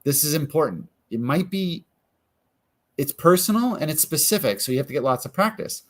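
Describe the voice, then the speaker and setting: A man coaching viewers through a decision exercise in a calm, guiding way, often acting out the questions people ask themselves. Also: on the high side, normal speed. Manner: calm, guiding, acts out inner questions in quotes. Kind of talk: guided self-help coaching.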